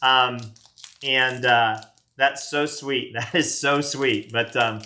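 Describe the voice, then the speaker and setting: A man's voice: medium pitch, fairly even intonation, takes it slowly, pushed and bright. A man in his late fifties, chatting casually as he opens trading card packs on a live stream, rambling and self-deprecating. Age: 50s. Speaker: card collector doing a live box break.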